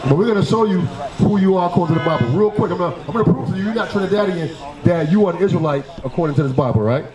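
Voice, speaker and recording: High-voiced man preaching hard on the street. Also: rapid-fire, reverberant, a crowd in the background, poor audio. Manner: forceful, fires rhetorical questions, repeats "right?". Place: outdoors on a city street.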